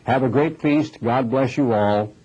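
A man's voice: mid-range voice, dark tone, slightly rough. Emphatic male preacher, lo-fi recording. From United States. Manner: emphatic, slows down on key phrases. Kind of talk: recorded sermon message. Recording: dull lo-fi recording with faint music.

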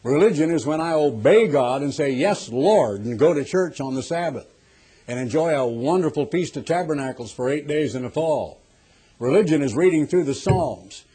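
Husky american tv preacher guy, kinda high voice, goes quiet then booms, keeps asking the crowd questions. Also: lively intonation, moderate pace. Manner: dramatic, swings from hushed to loud with rhetorical questions. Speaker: television preacher. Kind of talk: sermon.

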